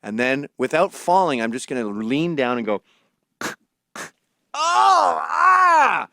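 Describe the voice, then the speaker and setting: A man's voice: medium pitch, lively intonation, a little fast, no echo, studio quality. A man hosting a comedy podcast, telling crude stories animatedly and acting out other people's voices. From Scotland. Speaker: podcast host. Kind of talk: comedic storytelling.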